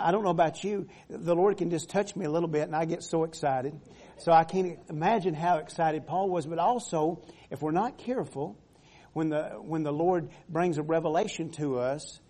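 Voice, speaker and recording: A man preaching from the pulpit in a fairly high, mellow voice. He stretches out emphatic phrases when reading scripture and stumbles through repeated words as he builds toward each point. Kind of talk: sermon.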